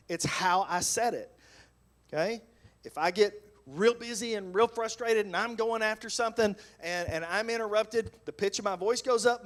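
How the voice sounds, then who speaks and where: A male pastor preaching on marriage, animated and acting out sarcastic replies. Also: sits high. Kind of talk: sermon on marriage.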